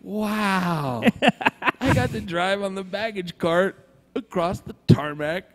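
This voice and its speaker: Animated man telling a story in a reverberant room. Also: high voice, takes it slowly. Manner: animated, swears freely, acts out quoted voices. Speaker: podcast co-host telling a story. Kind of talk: casual storytelling. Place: brewery room.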